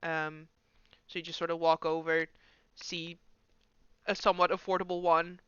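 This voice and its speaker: A woman's voice: lowish voice, level tone, normal speed, clear, resonant tone, no echo, muffled recording. A woman narrating as game master in a loose style full of fillers.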